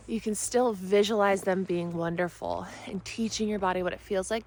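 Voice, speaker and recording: A woman spiritual mentor talking in a soft, rambling, earnest way for her vlog, filming herself on a phone at arm's length while riding outdoors. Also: mid-range voice, slight background noise, rough recording. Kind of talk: casual self-help vlog talk. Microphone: phone held at arm's length.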